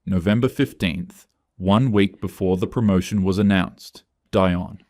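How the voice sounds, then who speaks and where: Deep low guy reading a confessional story, tense. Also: a little slow, hardly any pauses, a little mellow, no room sound, studio quality. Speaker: narrator. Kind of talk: scripted first-person story narration.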